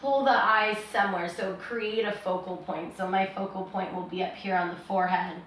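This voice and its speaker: A woman teaches drawing step by step, easygoing and reassuring as she works and talks herself through it. Her voice sits at an ordinary middle pitch. It comes from some way off the mic and rings around a very echoey, hard-walled room. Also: normal speed, far from the mic, slight background noise. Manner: relaxed, reassuring, thinking aloud while drawing. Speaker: art teacher.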